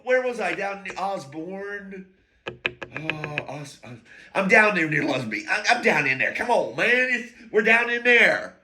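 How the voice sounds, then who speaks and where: A man's voice: high-pitched, big pitch swings, unhurried, bright, forceful tone, a little hiss or hum. A man telling rambling stories in a casual monologue, laughing between lines and drifting into asides and talk to himself. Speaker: podcast host telling stories.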